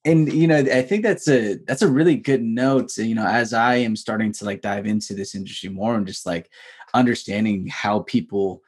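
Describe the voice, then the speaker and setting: Male podcast host, husky and low-pitched, casual, fumbling conversational delivery. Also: moderate pace. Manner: chatty, hesitant, with fillers and laughs. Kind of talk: casual interview.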